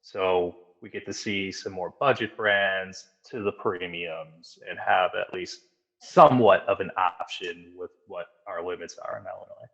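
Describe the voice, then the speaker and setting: A man's voice: low-pitched, steady tone, gravelly, fairly bright tone, highs cut off. A man talking as a podcast guest in casual chat, upbeat and agreeable. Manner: upbeat, agreeable, quick to say hell yeah.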